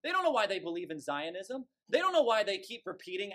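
A man preaching a sermon from the pulpit, forceful and emphatic, scornful toward those he condemns. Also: high voice, sing-song, fast talker, few pauses. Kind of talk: fiery sermon.

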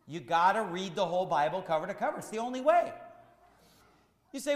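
A man's voice: high-pitched, big pitch swings, a little fast, pauses often, reverberant, in a large hall. A man preaching a sermon as pastor, firing rhetorical questions in a repetitive, emphatic cadence.

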